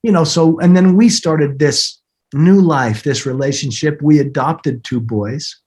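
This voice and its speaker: A man in his fifties, a podcast guest, telling an emotional personal story in an earnest way, often repeating words and laughing softly. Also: fairly high pitch, a little slow. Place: home, snowing outside.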